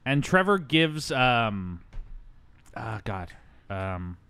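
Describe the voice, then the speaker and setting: A man's voice: mid-range voice, big pitch swings, drawn-out words, bright, forceful tone, smooth, no room sound. A man co-hosting a podcast, recapping a movie with jokey, sarcastic asides. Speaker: podcast co-host. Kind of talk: casual movie-review banter.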